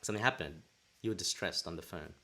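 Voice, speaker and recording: A man's voice: low-pitched, fast talker, pushed and bright. A young man co-hosting a podcast, telling a story in casual chat and acting out his own past thoughts. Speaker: podcast co-host.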